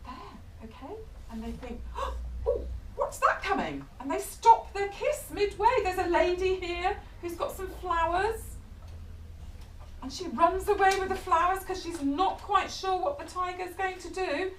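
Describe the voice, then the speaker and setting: A middle-aged English woman reading a picture book aloud to children, animated, stopping to ask them questions. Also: extremely high pitch, measured pace, a little hiss or hum. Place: bookshop or café event room. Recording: echoey room, distant mic, background chatter.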